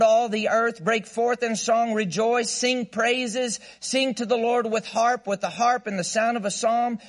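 A man preaching a sermon as guest pastor, playful and emphatic, leading the congregation in call-and-response and bursting into mock laughter. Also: very high-pitched.

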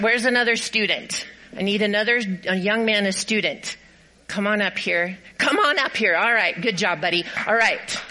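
A woman's voice: mid-range voice, pushed and bright, a little hiss or hum, rough recording. A woman pastor giving a sermon, cheerfully directing volunteers through a skit and reading scripture aloud. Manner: upbeat and encouraging.

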